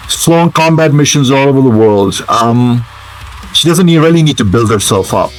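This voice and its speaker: A man's voice: medium pitch, expressive, unhurried, soft background music. Musing male gamer with lots of fillers. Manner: hesitant, musing, many fillers. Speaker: gamer commentator. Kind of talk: casual gameplay commentary.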